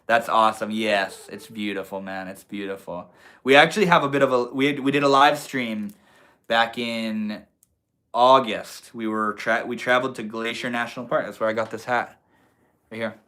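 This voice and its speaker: A young man chats with his live stream audience in a loose, laid-back way, full of slang. His voice is bright and forward, and it sits at an ordinary middle pitch. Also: moderate pace. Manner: laid-back, slangy, reads chat aloud. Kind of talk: casual live stream chat. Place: indoors at a computer.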